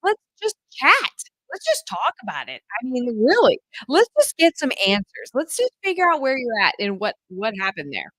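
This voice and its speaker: A woman's voice: a little high, wildly swooping pitch, moderate pace, few pauses, a bit bright, dry recording, poor audio. A woman homeschool coach talking straight to her listeners in an enthusiastic, chatty podcast monologue, calling them "you guys.". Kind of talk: direct-to-audience podcast monologue.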